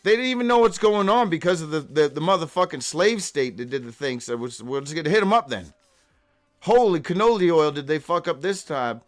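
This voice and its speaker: A high-pitched man carries a daily live show alone, skipping from one odd phrase to the next with a lot of swearing. He stumbles over his own handwritten notes and now and then breaks into a loud whoop. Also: lively intonation, a little fast, faint music behind. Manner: profane, free-associating, with sudden whoops. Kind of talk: rambling live monologue.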